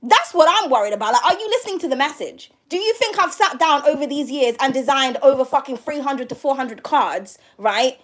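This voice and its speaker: A woman's voice: sits high, animated, fairly quick, few pauses, slight background noise. A woman tarot reader ranting to her viewers from home, blunt and profane, firing off mocking rhetorical questions. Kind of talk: casual rant to a live audience.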